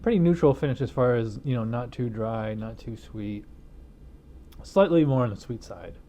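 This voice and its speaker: Rambling, self-amused man, mellow voice. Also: medium pitch, lively intonation, normal speed. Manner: rambling, self-amused, lots of fillers and restarts. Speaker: beer reviewer. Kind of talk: casual beer review vlog. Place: home studio, indoors. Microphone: wireless lapel mic hidden behind a studio mic.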